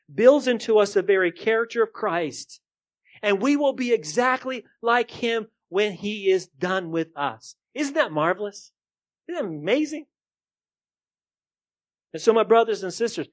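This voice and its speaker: A male pastor with a somewhat high-pitched voice preaches a sermon, dropping to near murmurs before climbing into loud, rising rhetorical questions. He addresses the congregation directly, repeatedly asking them to respond.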